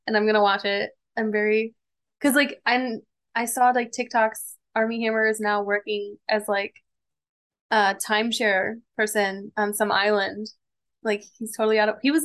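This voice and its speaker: A young woman co-hosting a casual chat podcast, gushing and full of fillers as she tells animated stories. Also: medium pitch. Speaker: podcast co-host.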